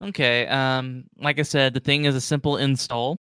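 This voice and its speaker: A man's voice: mid-range voice, steady tone, normal speed, pushed and bright, clear, resonant tone, no room sound, studio quality. A man narrating as game master in a casual tabletop session, playful and full of fillers.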